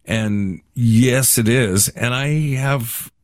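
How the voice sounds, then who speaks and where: A man's voice: mid-range voice, drawn-out words, dry recording. A man co-hosting a podcast in casual chat, laid-back and saying "dude" often, close to the mic. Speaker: podcast co-host.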